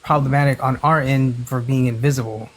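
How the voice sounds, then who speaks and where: A man's voice: medium pitch, fairly even intonation, a little fast, background noise. A man chatting as a stream guest, explaining his point with hesitant restarts. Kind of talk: casual chat.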